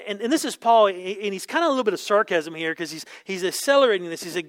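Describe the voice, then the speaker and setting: A man preaching a conversational sermon, often asking "right?" and acting out quoted voices. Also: fairly quick. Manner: acts out quotes with sudden pitch jumps. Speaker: pastor. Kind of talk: expository sermon.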